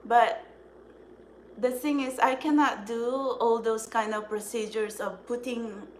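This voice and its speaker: Slow, giggly woman in an echoey room. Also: a little high, fairly even intonation, slight background noise. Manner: giggly, rambling, laughs often. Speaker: vlogger. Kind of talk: casual makeup vlog chat.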